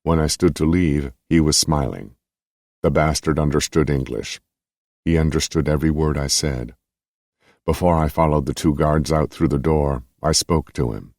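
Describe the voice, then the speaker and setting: A man narrating an audiobook memoir in a measured, deliberate way. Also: extremely low pitch, fairly even intonation, a little mellow, no room sound, studio quality.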